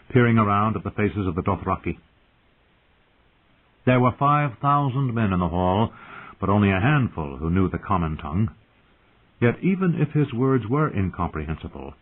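A man narrating a fantasy audiobook in a measured, tense storytelling manner. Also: lowish voice, slightly rough. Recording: tinny phone-like audio.

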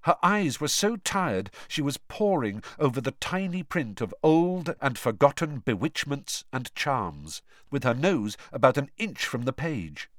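Expressive male audiobook narrator, lively pitch, dry close recording. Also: measured pace, hardly any pauses, no echo. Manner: expressive storytelling. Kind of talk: scripted narration.

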